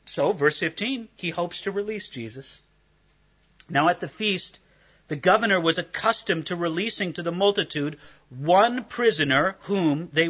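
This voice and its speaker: A man preaching an expository sermon, animated and acting out the quoted voices of the figures he describes. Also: sits high, slightly rough, dull audio.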